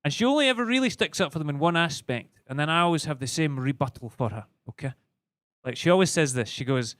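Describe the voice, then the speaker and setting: A man's voice: on the high side, expressive, fast, a bit bright, no echo. Scottish man doing stand-up. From Scotland. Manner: rambling, self-interrupting, with stammered restarts. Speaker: stand-up comedian. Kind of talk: stand-up set. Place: comedy club stage.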